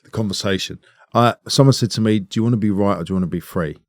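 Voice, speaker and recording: A man with a very low voice, hosting a podcast in a relaxed, reflective way. He talks earnestly and swears now and then. The sound is dry and close, with no room around it. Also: quick pace, no room sound. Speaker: podcast host. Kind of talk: casual chat.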